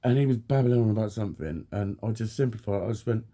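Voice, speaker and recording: A man's voice: lowish voice, fast talker, warm tone. A man in a heated, blunt personal rant, swearing constantly as he tells his story to camera. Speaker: vlogger.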